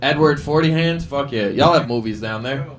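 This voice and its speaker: A man's voice: mid-range voice, normal speed, a crowd in the background. A man hosting a casual podcast, joking and teasing his guests in crude banter. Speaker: podcast host.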